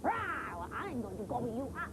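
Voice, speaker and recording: A woman's voice: fairly high pitch, big pitch swings, normal speed, noisy background. A woman voicing a scary, ugly, hungry troll for children's TV storytelling, with growls and roars between lines. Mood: growling, hungry.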